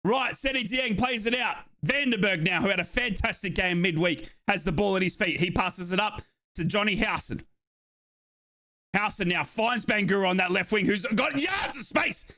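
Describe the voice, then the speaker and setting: A man hosting a live match watchalong, calling the play and breaking into excited shouts at big moments. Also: sits high, normal speed. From Australia. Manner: excitable, bursts into shouting at goals. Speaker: watchalong host.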